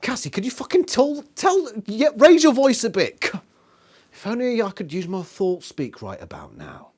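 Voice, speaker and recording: A man's voice: high-pitched, wildly swooping pitch, unhurried, a little mellow. A man reviewing a book in a casual vlog, sweary, sarcastic and exasperated.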